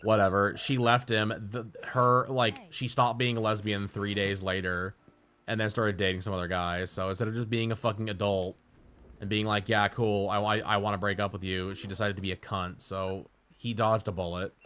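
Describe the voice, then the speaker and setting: A man's voice: fairly low pitch, little pitch movement, moderate pace, fairly bright tone. A man streaming live, telling rambling, profane stories in casual chat.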